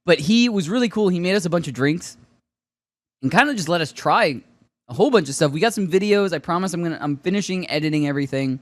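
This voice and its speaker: A man co-hosting a casual pop culture podcast, telling stories with lots of laughter and excitement. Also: on the high side, fast, no echo, clean studio sound. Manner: excitable storyteller, laughs often. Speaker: podcast co-host. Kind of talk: casual chat.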